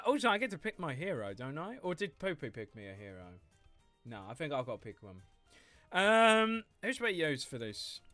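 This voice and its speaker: A man's voice: fairly high pitch, bright, forceful tone, no room sound. A man chatting playfully with his viewers while he livestreams a game, teasing and laughing often. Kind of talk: casual gaming stream chat.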